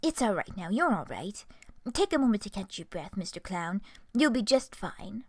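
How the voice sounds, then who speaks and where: A gentle cherub speaks in soft, half-whispered comfort, patient and kind. A woman reads her on stream. Her voice sits at a middle pitch, and the recording is dry and close. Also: sing-song, moderate pace, no room sound. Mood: soothing. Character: gentle, soothing female cherub, kindly consoler. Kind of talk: reading a web comic aloud on stream.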